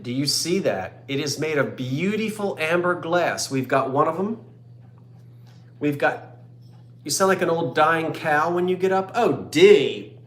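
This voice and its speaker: A man's voice: fairly high pitch, echoey room. A man in his fifties hosting a live online antique sale, rambling and joking as he reads out viewers' comments. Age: 50s. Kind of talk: chatty live-stream sales talk.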